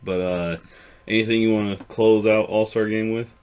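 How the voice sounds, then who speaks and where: A man's voice: fairly low pitch, flat delivery, moderate pace, a little mellow, clean tone. A man co-hosting a casual podcast, chatting in a laid-back way and swearing now and then. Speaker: podcast co-host. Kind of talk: casual chat.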